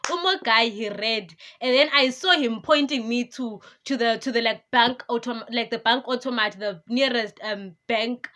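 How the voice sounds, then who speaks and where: A woman's voice: fairly high pitch, normal speed, few pauses. A young woman, telling a story casually to her vlog viewers and acting out what people said. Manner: animated, chatty, acts out voices of others. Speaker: vlogger.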